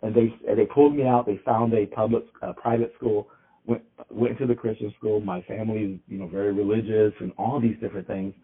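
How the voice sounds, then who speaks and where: A man's voice: fairly low pitch, steady tone, fairly quick. Man rambling on a tinny line. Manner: rambling, restarts often. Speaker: podcast co-host. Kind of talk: casual podcast chat. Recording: tinny phone-like sound.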